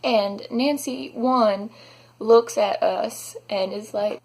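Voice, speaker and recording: A young woman telling a storytime vlog, animated and dramatic, saying "like" a lot. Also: on the high side, slow. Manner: animated, dramatic, heavy use of "like". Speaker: vlogger.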